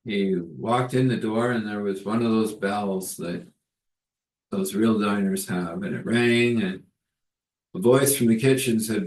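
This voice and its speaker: A man gently telling a spiritual story and giving a blessing, unhurried and soft-spoken. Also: fairly low pitch. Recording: roomy echo.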